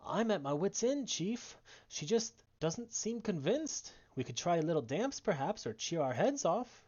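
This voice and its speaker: Man voicing a flustered young male mechanic, high-pitched, eager, game dialogue, muffled stream audio. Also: very animated, unhurried, darkish tone, full character voice. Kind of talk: reading game dialogue aloud.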